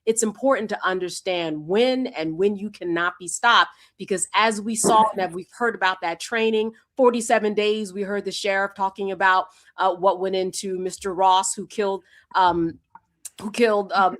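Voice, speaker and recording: A woman's voice: medium pitch, fairly even intonation, normal speed. Woman laying out legal points emphatically. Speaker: panelist. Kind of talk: political commentary on a panel show.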